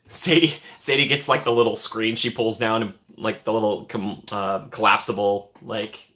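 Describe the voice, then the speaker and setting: A young man hosting a casual live stream, chatting with viewers, laughing often and trailing off into soft mumbles. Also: fairly low pitch, steady tone, normal speed. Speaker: livestream host.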